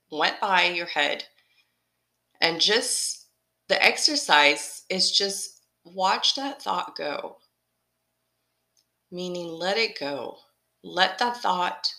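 On her own motivational podcast, a woman speaks in a somewhat low yet bright and forceful voice. Upbeat and encouraging, she keeps circling back to repeat her main points.

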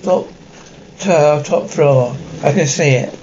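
A man's voice: on the high side, takes it slowly, darkish tone, lo-fi sound, slight background noise. A man voicing a devoted, hard-working single mother who talks in a tender, pleading way.

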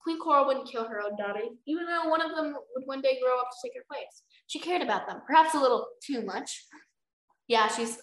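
A young woman co-hosting a podcast, reading a book aloud and breaking off into excited, animated reactions. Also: high-pitched, brisk. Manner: animated, bursts into exclaims and laughs. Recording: echoey room.

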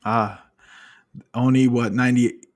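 A man's voice: mid-range voice, unhurried. A man with a New York accent hosting a podcast, joking and teasing his co-hosts in casual banter. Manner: joking, teasing, animated storytelling. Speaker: podcast host.

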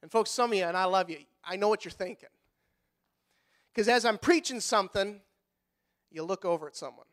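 A middle-aged pastor preaching a sermon in a folksy manner, rising to loud fervent passages and dropping to quiet, soft-spoken stretches. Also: male voice, high-pitched, fairly quick, pauses often. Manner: folksy, repeats words when fired up.

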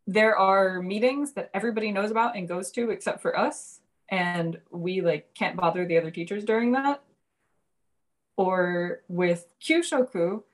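Woman, interview guest, language teacher, casual chat, relaxed, filler-heavy. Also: lowish voice.

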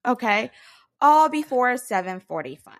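A woman in her thirties, a podcast co-host, telling chaotic family stories in a lively, excitable way. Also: fairly high pitch, unhurried. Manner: animated storyteller, excitable. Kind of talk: casual chat.

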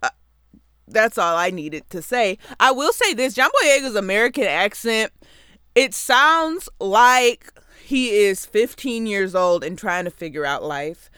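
A woman's voice: mid-range voice, expressive, unhurried, fairly bright tone, smooth, no echo, clean studio sound. A young woman hosting a casual comedic film review from a basement podcast setup, sassy and playful, with sudden whooping outbursts. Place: basement home studio.

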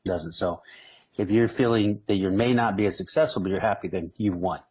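A man from San Diego, a comedian guest, telling animated, jokey stories in a casual interview with frequent restarts. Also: fairly low pitch, a little fast, breathy edge, poor audio. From San Diego, California.

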